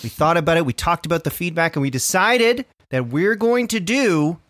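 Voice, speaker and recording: Lively, animated male podcast host. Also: on the high side, normal speed, no echo, clean studio sound. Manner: jokey, animated, swears freely. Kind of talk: casual comedy chat.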